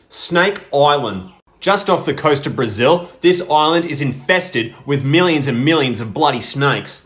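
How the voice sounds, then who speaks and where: Brash, sweary Australian bloke. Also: male voice, on the high side, a bit bright. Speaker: comedy content creator. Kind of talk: comic countdown commentary.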